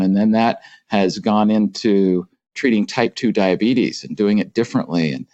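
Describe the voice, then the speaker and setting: A middle-aged man, a family doctor, talking in an animated way with fillers and repeated words in a podcast interview. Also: on the low side, highs cut off.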